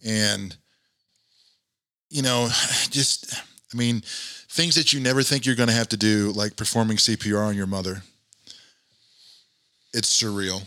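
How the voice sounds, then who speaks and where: Middle-aged male guest; earnest, reflective storyteller, bright tone, slightly low. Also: steady tone, unhurried, long pauses, no echo. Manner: earnest, reflective, many fillers. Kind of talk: personal storytelling in an interview.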